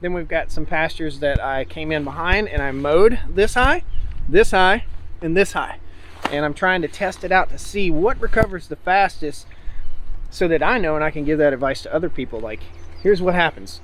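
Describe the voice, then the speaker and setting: A man's voice: fairly high pitch, animated, moderate pace, fairly bright tone, low-quality recording. A man gives an enthusiastic, explanatory tour of his farm outdoors in the rain. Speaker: farmer. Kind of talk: casual farm tour chat. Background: rain and outdoor noise.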